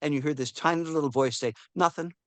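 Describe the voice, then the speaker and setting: Talking fast in a mid-range voice, a man in his seventies recounts stories as a film historian in a relaxed interview. He's an animated storyteller who performs the voices he quotes, with frequent fillers and restarts. The recording is dry.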